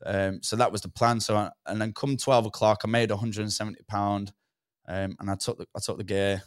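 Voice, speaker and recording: A man's voice: on the low side, little pitch movement, a little fast, no room sound, studio quality. A young man telling a rambling story from his past, with swearing and lots of "do you know what I mean". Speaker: podcast guest. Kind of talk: casual storytelling.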